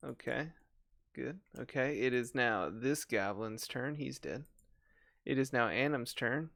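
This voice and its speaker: A man's voice: mid-range voice, measured pace, vocal fry, fairly bright tone, no room sound, clean studio sound. A man narrating as game master of a tabletop game, chatty, laughing often and stumbling over repeated words.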